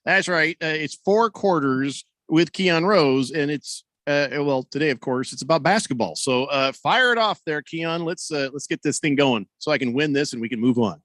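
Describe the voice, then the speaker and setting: A man behind the studio mic of a sports radio show, a touch higher than most men and a little out of breath. He rambles through stories with plenty of jokes and restarts. The sound is close and dry. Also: animated, moderate pace, hardly any pauses, a bit bright, no echo. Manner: joking, rambling, frequent restarts. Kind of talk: casual sports radio talk. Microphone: studio microphone.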